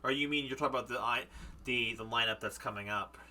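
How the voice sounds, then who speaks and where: Bright-voiced male game streamer. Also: medium pitch, fast talker. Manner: chatty, laughs at himself, reads game text aloud. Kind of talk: live gameplay commentary.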